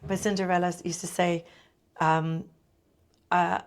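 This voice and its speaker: Middle-aged woman, lowish voice, chatty panto performer acting out stories. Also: unhurried. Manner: chatty, animated storyteller who acts out quotes. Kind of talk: casual interview chat.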